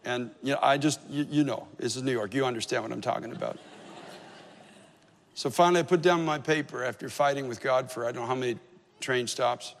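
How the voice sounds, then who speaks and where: A man's voice: medium pitch, brisk. Reverberant conversational man preaching a sermon. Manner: conversational, self-deprecating storytelling with wry humor. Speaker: pastor. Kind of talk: sermon with storytelling. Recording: reverberant hall.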